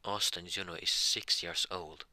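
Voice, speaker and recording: A man improvising a fan story narration, halting with frequent restarts and self-corrections. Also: low voice, steady tone, pushed and bright, no room sound.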